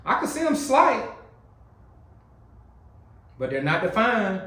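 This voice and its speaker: A man's voice: high-pitched, very animated, slow, fairly bright tone, echoey room, recorded from a distance, rough recording. A man hosting a reaction video, commenting casually on a clip and teasing while talking straight to his viewers. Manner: chatty, teasing, addresses viewers as fam.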